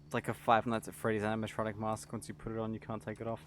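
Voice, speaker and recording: A man's voice: lowish voice, completely flat delivery, racing, fairly bright tone, a little hiss or hum. A man chatting casually on a live stream, reading out viewer messages with wry remarks.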